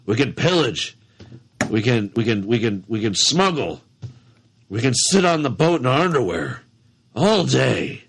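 Playful man with a wildly swinging pitch. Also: very animated, measured pace, gravelly, breathy edge. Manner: playful, laughs and whoops often. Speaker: player. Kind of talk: casual tabletop game chat.

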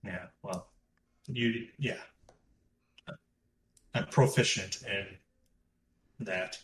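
A man's voice: fairly low pitch, extremely slow, a bit bright, a little hiss or hum. Joking player man in a roomy space. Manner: casual, joking.

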